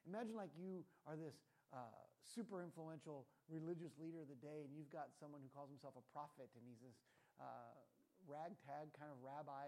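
Man preaching, pastor, animated, questions to the congregation, church hall. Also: on the high side. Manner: animated, asks the audience questions. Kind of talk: sermon.

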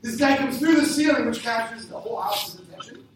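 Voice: mid-range voice, fairly quick, distant mic. A pastor preaching a conversational sermon, asking the congregation questions as he goes. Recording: echoey hall, speaker away from mic, faint noise.

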